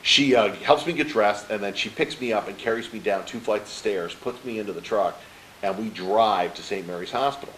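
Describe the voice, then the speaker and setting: Man, middle-aged, lowish voice, animated storyteller, acts out dialogue, interview guest, faint hiss. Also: fairly quick, poor audio. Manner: peppers his story with "right?" to the host. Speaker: interview guest, motivational speaker.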